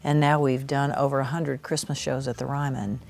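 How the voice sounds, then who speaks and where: A woman's voice: a bass voice, flat delivery, normal speed, creaky, a little mellow, slight background noise. Thoughtful middle-aged woman guest. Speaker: singer, interview guest. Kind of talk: casual interview answers.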